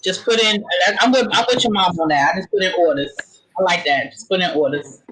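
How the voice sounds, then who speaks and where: Bright, slangy casual talker. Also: medium pitch, brisk, husky, poor audio. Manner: joking agreement, slangy. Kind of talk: casual chat.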